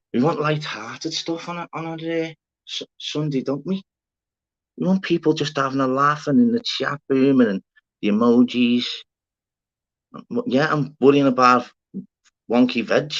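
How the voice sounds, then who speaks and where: A man's voice: medium pitch, unhurried, long pauses. A man hosting a casual livestream, rambling, swearing and bantering with viewers in the chat. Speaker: livestream host. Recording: dull lo-fi stream audio.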